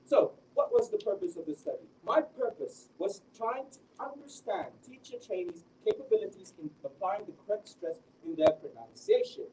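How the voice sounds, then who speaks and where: A man's voice: high-pitched, moderate pace, few pauses. A young man gives an academic presentation of his research as a teacher trainee, often restarting his sentences. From Malaysia. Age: young adult. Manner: animated, with frequent restarts. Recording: distant mic with faint background noise.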